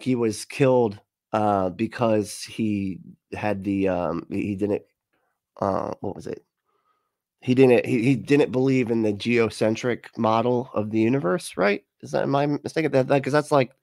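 A man's voice: fairly low pitch, darkish tone, no room sound, studio quality. A man hosting a casual reaction show, rambling and sarcastic, swearing freely and laughing at what he watches. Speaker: host.

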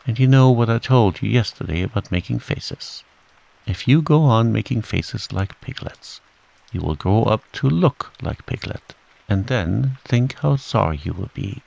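A man's voice: lowish voice, very animated, a little slow, creaky, a little mellow, exaggerated voice, rough recording. A man reading a storybook aloud and voicing a cheerful, firm motherly kangaroo who speaks soothingly, with rain falling behind him. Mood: severe.

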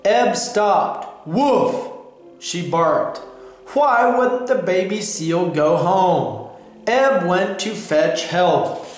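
A man with a fairly high voice reads a children's picture book aloud, word by word, very slowly. His reading is deliberate and clearly paced for learners, and the sound rings through a very echoey room. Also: lively intonation. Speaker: storybook reader. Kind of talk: slow read-aloud for learners.

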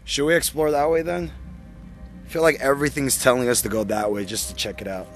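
A man's voice: mid-range voice, steady tone, a little fast, faint music behind. A man taking part in a paranormal investigation outdoors at night, pointing things out in short bursts. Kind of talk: on-location commentary.

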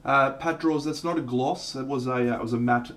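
A man's voice: mid-range voice, brisk, fairly bright tone, slight background noise. An Australian man chatting casually on a livestream while he paints miniatures, swearing now and then and answering viewers by name. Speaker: streamer.

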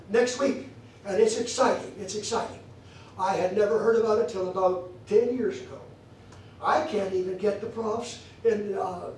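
A man's voice: high voice, darkish tone, slight background noise. Emphatic man preaching in an echoey hall. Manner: emphatic, repeats phrases for stress. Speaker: pastor teaching a theology class. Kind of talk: church teaching session. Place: church meeting room. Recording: echoey church room from far off.

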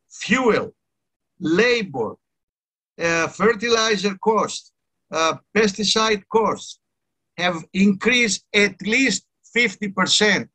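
Guy giving a conference talk, kinda high bright voice, earnest, keeps stressing words. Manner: earnest, emphatic, repeats key words. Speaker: conference speaker. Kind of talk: technical conference presentation.

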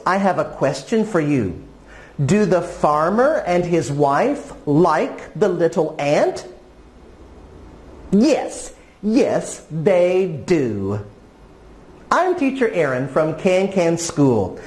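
A woman teacher leads children's story time, reading very slowly in a sing-song voice. Her pitch rises and falls widely. The recording sounds echoey, as if in a bare room. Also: darkish tone.

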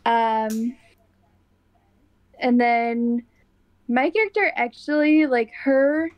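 A woman chatting casually as a guest, hesitant, with many pauses and ums. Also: fairly high pitch, no echo, dull audio. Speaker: guest player. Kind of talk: casual chat.

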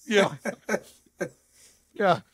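A man's voice: drawn-out words, a bit bright, dry recording. A man co-hosting a casual podcast chat, laughing often as he reads out jokes. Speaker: podcast co-host.

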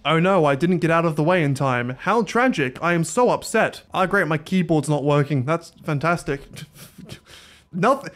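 A man's voice: on the high side, lively intonation, moderate pace, a bit bright. A man giving casual gameplay commentary, sarcastic and self-mocking, swearing freely as he talks to his viewers. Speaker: gaming YouTuber.

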